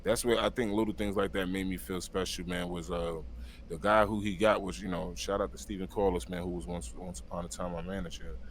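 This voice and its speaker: A man's voice: sits low, little pitch movement, fairly quick, a little hiss or hum. A middle-aged man from Long Island, New York, telling stories as an interview guest in a laid-back, slangy way, talking over a video call. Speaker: guest, battle rapper. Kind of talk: casual storytelling interview.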